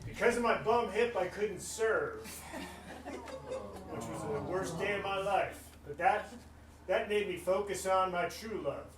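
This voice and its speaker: A man's voice: high-pitched, a little slow, noisy background. A man playing a fussy old roller-rink janitor with a bad hip, in a put-on Southern drawl that keeps slipping. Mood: grumbling. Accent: put-on American Southern. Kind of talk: live improv comedy. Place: theater stage. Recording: echoey live stage, distant mic.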